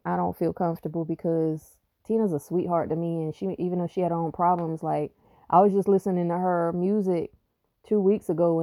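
Profane, dark-voiced woman storyteller. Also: on the low side, no echo. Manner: profane, rambling, emphatic storytelling. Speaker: spiritual reader and podcaster. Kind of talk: casual podcast monologue.

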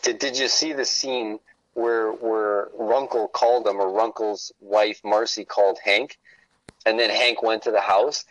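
A man's voice: fairly low pitch, fairly even intonation, a little slow, fairly bright tone, no room sound. Man, podcast guest, rambling profane stories, dull lo-fi sound, dry. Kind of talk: casual chat.

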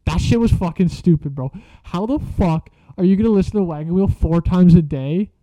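A man's voice: sits high, moderate pace, dark tone, dry recording. A young man telling school stories in a casual, profane, slang-heavy rambling way. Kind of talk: casual storytelling vlog. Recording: dry muffled lo-fi recording.

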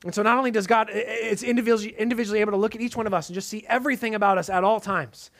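A man preaching a sermon in an earnest tone, dropping to soft emphatic lines and casual asides. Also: high-pitched, steady tone, rapid-fire.

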